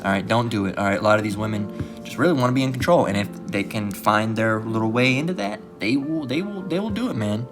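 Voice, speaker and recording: A man's voice: medium pitch, fast, music in the background. Blunt, profane male street preacher. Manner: blunt, profane, repeats "all right" often. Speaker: religious teacher. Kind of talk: casual preaching lesson.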